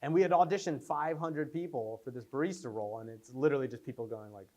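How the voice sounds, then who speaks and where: After a film screening, a young filmmaker takes audience questions in a casual Q&A. His medium-pitched voice moves quickly with hardly a pause, and his stories ramble along animatedly, full of fillers and restarts.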